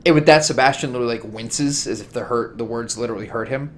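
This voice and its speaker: A male game master narrates a tabletop role-playing scene in a casual, chatty voice with an ordinary mid pitch. He laughs easily and fills his speech with loose, offhand phrasing. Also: fast, slight background noise.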